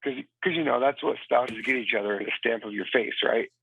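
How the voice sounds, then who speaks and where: Gravelly man on a tinny phone line. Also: mid-range voice, a little fast, slight background noise. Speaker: guest, Marine veteran. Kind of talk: phone-in interview. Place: cabin in Virginia.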